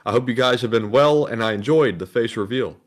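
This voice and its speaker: A man's voice: mid-range voice, fairly quick. A man co-hosting a livestream, reading out donation messages in a plain, matter-of-fact way.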